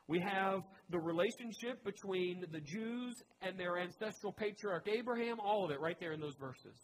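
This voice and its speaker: A man's voice: high voice, expressive, normal speed, hardly any pauses, a little hiss or hum, low-quality recording. A man preaching a teaching sermon in a chatty way, with joking asides to his listeners. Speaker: pastor.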